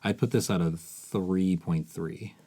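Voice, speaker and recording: Low mellow-voiced dude on a music podcast, halting casual chat, trails off a lot. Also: male voice, slightly rough. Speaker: podcast co-host.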